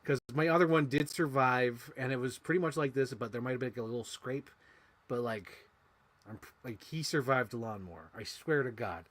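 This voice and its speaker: Chatting excitedly to the camera, a young vlogger unboxes toys from his childhood, his mid-range voice moving fairly quickly. He swings from loud squeals down to quiet mumbles and swears in a casual way.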